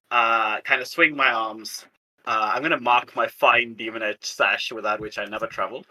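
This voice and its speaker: A man's voice: mid-range voice, pushed and bright, rough recording. A man playing a tabletop game, eagerly describing his character's actions. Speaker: player. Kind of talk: tabletop role-play chat.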